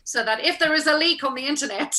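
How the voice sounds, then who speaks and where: A woman's voice: high-pitched, lively intonation, fast, sharp tone. A woman actor being interviewed, recounting an anecdote animatedly, laughing and acting out the people she quotes. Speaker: actor guest. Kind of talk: casual interview storytelling.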